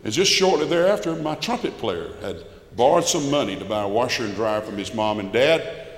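A man's voice: mid-range voice, lively intonation, a little fast. Older man telling his testimony. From Albany, Georgia. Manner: folksy, emphatic storytelling. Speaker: church musician giving testimony. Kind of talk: personal testimony to a congregation. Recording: echoey church hall with long reverb.

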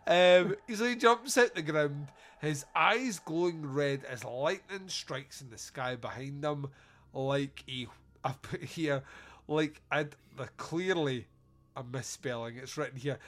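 A man's voice: on the high side, slow pace, a bit bright. A man hosting a podcast, giving a sweary, jokey movie review and laughing at his own lines. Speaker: podcast host. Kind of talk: casual comedic movie review.

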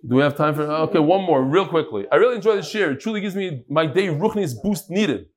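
A man leading a daily Talmud class, his voice a little higher than most men's. He talks in a lively, jokey way and reads out listener messages to the people in the room. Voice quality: animated, jokey, quick shifts in pitch. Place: room with a live audience.

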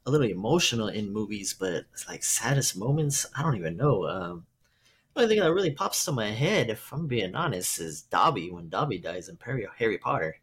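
A man's voice: on the low side, big pitch swings, a little fast, a bit bright, slightly rough. A man co-hosting a casual podcast, who talks hesitantly and searches for words. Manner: hesitant, unsure. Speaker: podcast co-host. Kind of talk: casual chat.

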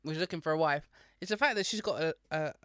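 A man co-hosting a casual podcast chat, telling stories with lively acted-out quotes. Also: on the high side, fast talker, clear, resonant tone, no echo, clean studio sound. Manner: animated storyteller, acts out quotes. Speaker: podcast co-host.

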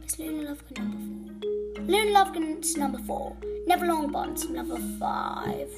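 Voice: high-pitched, animated, moderate pace. A child playing a giggly villain witch. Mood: gleeful. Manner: giggly, scatterbrained, boastful. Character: excitable adult female witch villain. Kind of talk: fan role-play video. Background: background music.

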